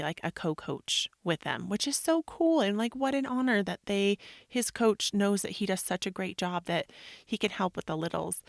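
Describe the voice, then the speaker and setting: A woman in her thirties with a lowish voice and a gravelly edge, chatting casually and openly to her listeners. Her talk rambles and is full of "like" fillers, recorded dry and close with no room sound. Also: no room sound. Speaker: yoga podcast host. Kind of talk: casual personal monologue.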